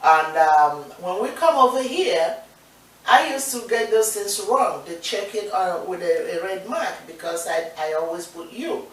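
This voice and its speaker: A woman's voice: on the low side, animated, measured pace. Nigerian woman, distant and echoey. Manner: earnest, encouraging, repeats points for emphasis. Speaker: co-host. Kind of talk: casual talk-show chat. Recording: distant, echoey room sound.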